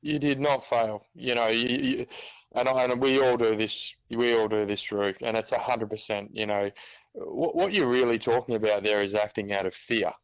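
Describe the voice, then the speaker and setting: A man's voice: mid-range voice, moderate pace, clean tone, no room sound. Man, emphatic reassurance, casual podcast chat, muffled lo-fi recording. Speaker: podcast co-host. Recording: dull, slightly lo-fi sound.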